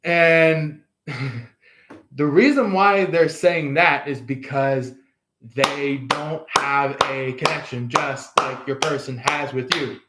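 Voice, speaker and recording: A man's voice: on the high side, fairly even intonation, takes it slowly, sharp tone, a little hiss or hum. A man giving a casual tarot reading, rambling with many fillers and restarts. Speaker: tarot reader.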